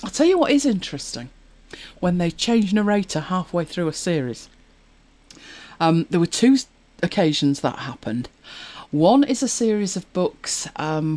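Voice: mid-range voice, darkish tone. A podcast co-host chatting casually, rambling along with many fillers and restarts. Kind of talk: casual chat about audiobooks.

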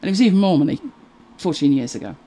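A middle-aged woman chatting to camera as a video creator, animated and exasperated, laughing at herself. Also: sits low, racing. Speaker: YouTube creator. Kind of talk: casual chat to camera.

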